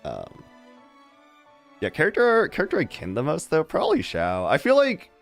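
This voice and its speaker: A game streamer chats casually with viewers, rambling from one thought to the next and breaking into laughter often. The voice sits at a middle pitch but swings widely up and down. Soft music plays faintly underneath. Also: wildly swooping pitch, normal speed, vocal fry. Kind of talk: casual chat with live chat.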